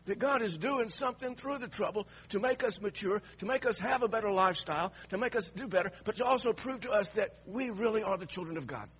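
A man preaching a sermon, dropping to hushed lines and then rising to emphatic, raised passages. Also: high-pitched, animated, fast, hardly any pauses, breathy edge, dull audio.

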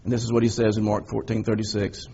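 A man preaching a sermon as a pastor, telling the story in an animated way and swinging between loud emphasis and quiet reflection. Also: lowish voice, fast, creaky, breathy edge, lo-fi sound.

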